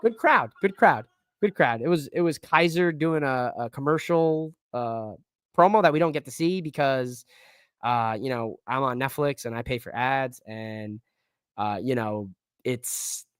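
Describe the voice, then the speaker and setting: A man hosts a casual wrestling show on a live stream, chatting loosely with plenty of slang and filler words. His voice sits at medium pitch and moves a little slowly, sounding clear and resonant. The recording is dry and clean, with studio sound.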